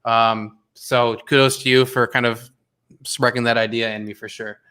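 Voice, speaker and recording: A young man hosting a casual livestream watch party, talking in an animated, rambling way full of fillers and restarts. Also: mid-range voice, normal speed, clean tone.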